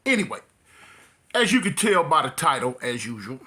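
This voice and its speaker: A man's voice: on the high side, very animated, normal speed, pushed and bright. A man telling a prison story casually to his viewers, breaking into laughter often and using loose slang. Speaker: storyteller vlogger.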